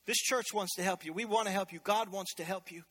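A man preaching a sermon as pastor in a church, energetic and conversational, with joking asides. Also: sits high, a little fast, breathy edge.

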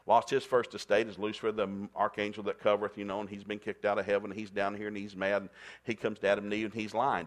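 A middle-aged man preaches with a somewhat low voice. He moves easily between jokes and scripture reading. He calls on his listeners to repeat phrases back to him. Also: quick pace. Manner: animated, playful storytelling with call-and-response. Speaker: pastor. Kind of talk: sermon.

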